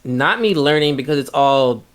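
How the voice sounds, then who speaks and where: A man's voice: mid-range voice, expressive, moderate pace. A man running a tabletop game as game master, talking in a loose, rambling, jokey way.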